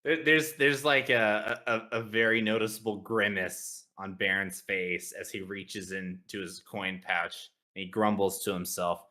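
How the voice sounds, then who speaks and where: A man's voice: fairly low pitch, fairly even intonation, sharp tone. A man playing in a tabletop game, stammering and laughing as he describes his character. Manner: laughing, stammering, drawn-out delivery. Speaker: player. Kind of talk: casual tabletop play.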